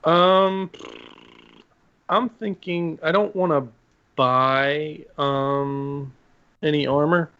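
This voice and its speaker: A male tabletop player who thinks aloud, hesitant and slow. His audio is dull and lo-fi, as if from off the mic. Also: fairly high pitch, fairly even intonation, clean tone.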